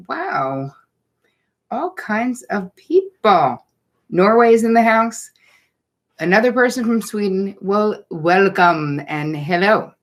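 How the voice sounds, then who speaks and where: A middle-aged woman hosting a live online masterclass from her home setup, chatting and greeting viewers by name and place. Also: mid-range voice. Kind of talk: casual live-stream welcome. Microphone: computer setup, looking down at notes.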